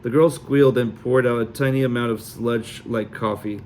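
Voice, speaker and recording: A man narrating a novel aloud in a steady reading voice with occasional small slips. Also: medium pitch, moderate pace, slight background noise. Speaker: audiobook reader. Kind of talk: amateur audiobook narration.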